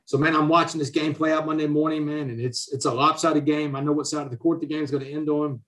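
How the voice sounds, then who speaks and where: Animated man, tells stories. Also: fairly high pitch, quick pace. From Southeast Texas, USA. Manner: animated, drops "man" into nearly every sentence. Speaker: podcast guest, author and speaker. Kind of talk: casual storytelling.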